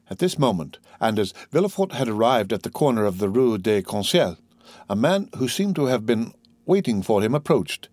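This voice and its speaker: A man narrating a classic novel as an audiobook in a steady, measured reading. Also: mid-range voice, dry recording, studio quality.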